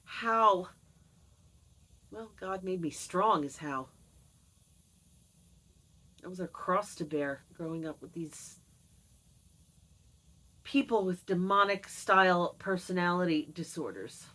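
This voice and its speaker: A woman in her fifties with a somewhat low voice speaks candidly and earnestly to her vlog audience. She drops in dry, wry asides between heavier thoughts. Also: slow pace, pauses often, a bit bright, low-quality recording. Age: 50s. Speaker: vlogger. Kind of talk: personal confessional vlog.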